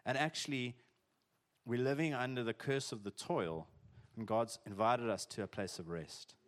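A man's voice: medium pitch, normal speed. A man preaching a sermon in a conversational, jokey way, peppered with "like" and "eh". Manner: conversational, chatty, uses "eh" and "like", jokey asides. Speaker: pastor.

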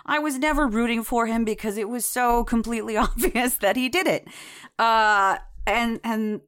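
A woman's voice: a little high, normal speed, a bit bright, clear, resonant tone. A woman co-hosting a podcast in casual chat, chatty and digressive, with many fillers and frequent laughter. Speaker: podcast co-host reviewing a TV series.

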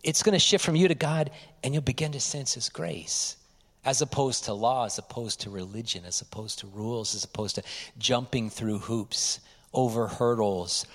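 A male pastor giving a lively, conversational sermon, often dropping to quiet asides. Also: medium pitch, vocal fry, breathy edge, long reverb tail.

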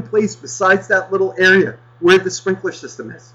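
A man's voice: sits high, moderate pace, few pauses, bright, forceful tone, lo-fi sound. A man telling a rambling story in casual chat, swearing constantly as he goes.

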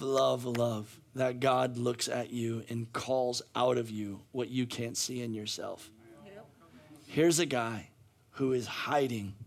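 Preaching a sermon, this gravelly-voiced pastor repeats himself and restarts often, building from quiet, low tones up to loud shouts.

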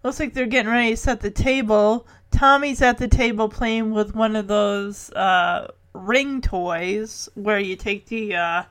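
A woman's voice: medium pitch, unhurried, hardly any pauses, fairly bright tone. A woman casually recapping a TV episode scene by scene, gushing and emotional, often laughing as she talks.

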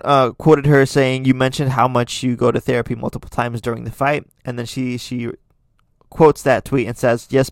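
A man's voice: mid-range voice, vocal fry, no echo. A man talking casually into a close microphone, reading out posts and adding his own blunt opinions. His voice sits in a middle register and the sound is dry, with no room around it. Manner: chatty, many fillers and restarts, opinionated asides. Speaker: podcast host. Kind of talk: casual commentary reading tweets.

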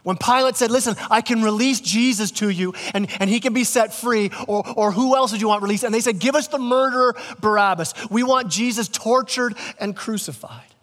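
A man's voice: high-pitched, a little fast, hardly any pauses, fairly bright tone, big-room sound. A man preaching a sermon as pastor, casual and conversational, often restarting his words. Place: church sanctuary.

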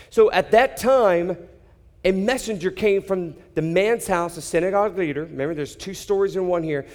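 A man preaching a sermon, dramatic, acting out people's reactions and dropping to hushed emphasis. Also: high voice, normal speed, long reverb tail. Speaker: pastor.

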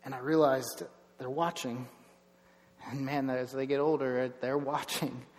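A middle-aged man preaching a sermon as pastor, telling stories with lively bursts of emphasis. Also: medium pitch, measured pace, big-room sound. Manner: storytelling, animated with bursts of emphasis. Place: church sanctuary.

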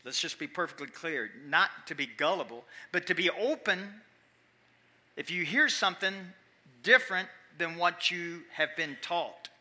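A man preaching a sermon in church, animated, swinging from quiet asides to loud emphatic calls. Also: fairly high pitch, moderate pace. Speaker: pastor.

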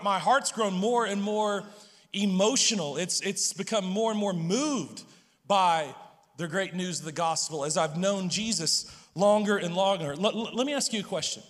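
Male pastor, high and bright, earnest and halting sermon delivery, echoey church hall. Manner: earnest, halting with many repeated restarts. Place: church sanctuary.

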